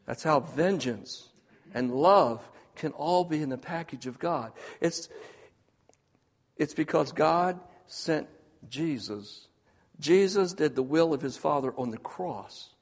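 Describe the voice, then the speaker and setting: A man preaching a sermon, swinging between hushed, quiet passages and loud, emphatic ones. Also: a little high, expressive, slow pace, slightly rough, long reverb tail.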